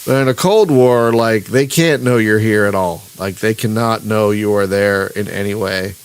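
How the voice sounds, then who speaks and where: A man's voice: on the low side, moderate pace, a little hiss or hum. Rambling man narrating his gameplay. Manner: rambling, self-interrupting, chuckling. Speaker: gaming channel host. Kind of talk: live-streamed gameplay commentary.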